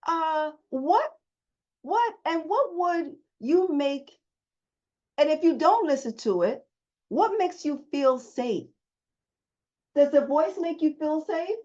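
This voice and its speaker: A woman's voice: sits high, animated, takes it slowly, pauses often, darkish tone. A woman therapist giving a motivational self-help talk, emphatic and repeating her key phrases. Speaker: therapist coaching viewers. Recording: dull lo-fi audio.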